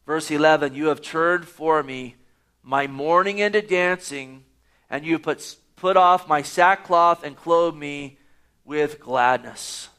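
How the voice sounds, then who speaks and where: A man's voice: fairly high pitch, measured pace, pushed and bright, smooth. A man preaching a sermon, reading scripture aloud and pressing his points with rising emphasis. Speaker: pastor.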